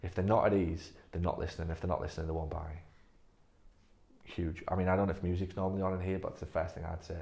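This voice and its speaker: A man's voice: sits low, level tone, fast, vocal fry, darkish tone. A man leading a staff training session, blunt and emphatic, swearing freely. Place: physio clinic room.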